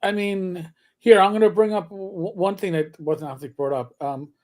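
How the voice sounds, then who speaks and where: A man co-hosting a casual gaming livestream, jokey and quick to react. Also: high-pitched, steady tone, a little mellow. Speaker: livestream co-host. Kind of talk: casual chat.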